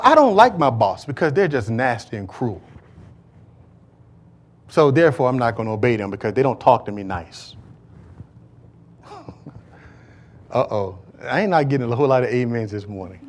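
A male pastor delivering a sermon to a congregation, joking and asking the listeners to fill in words, swinging between loud declarations and low asides. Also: sing-song, normal speed, long pauses. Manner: call-and-response preaching, asks congregation to fill in words. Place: church service before a congregation.

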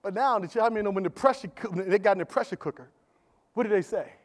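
High pitched pastor preaching, lots of repeating, keeps asking the church to say amen. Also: male voice, fast. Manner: emphatic, repetitive, call-and-response with the congregation. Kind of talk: sermon.

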